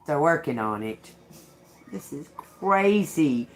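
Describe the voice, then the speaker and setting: A woman doing a casual tarot reading to camera, swearing freely and laughing as she tells an animated story to her viewers. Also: low voice, slow pace. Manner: addresses viewers as y'all. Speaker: tarot reader.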